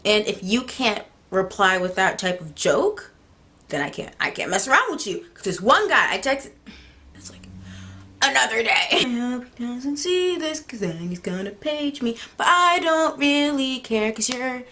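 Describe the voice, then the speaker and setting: A teenage girl talks straight to her viewers in a casual storytime vlog. Her pitch jumps all over as she acts out both sides of a text chat, and she laughs through her own story. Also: very animated, moderate pace, bright, forceful tone, slight background noise. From United States. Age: teens. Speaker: vlogger.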